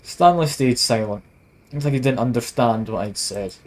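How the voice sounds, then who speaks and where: On a video game stream, a man with a mid-range voice reads the on-screen text aloud at normal speed, tossing in wry, self-mocking asides. It's casual let's-play narration, and the audio quality is poor.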